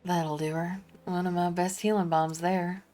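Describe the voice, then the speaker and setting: A woman's voice: on the low side, little pitch movement, moderate pace, warm tone, lightly acted. A woman doing a folksy Southern healer man. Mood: reassuring. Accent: put-on American Southern. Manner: folksy, reassuring drawl. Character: kindly young male traveling apothecary. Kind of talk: reading game dialogue aloud.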